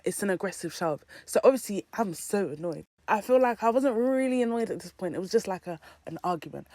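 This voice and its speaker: A woman's voice: medium pitch, no echo. A young woman telling a storytime vlog, slangy and emphatic, repeating lines for effect. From United Kingdom. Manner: animated, slangy, emphatic repetition. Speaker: vlogger.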